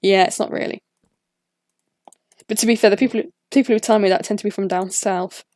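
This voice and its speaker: A young woman from the English Midlands with a Midlands accent, chatting casually while gaming, her th sounds softened. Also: medium pitch, fairly even intonation, fairly quick, no echo, studio quality. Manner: soft-edged th sounds, chatty and easygoing. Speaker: gaming channel host. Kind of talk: casual chat while playing.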